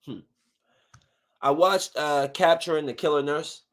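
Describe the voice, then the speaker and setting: High-voiced ranting male podcast host. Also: a little slow. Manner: animated, profane rant with sudden outbursts. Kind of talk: casual chat review.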